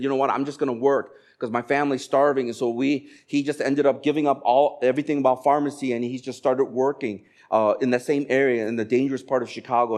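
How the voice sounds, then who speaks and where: Man preaching with animated storytelling. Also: medium pitch. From Korea. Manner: animated storytelling, acting out dialogue. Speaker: pastor. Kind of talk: sermon.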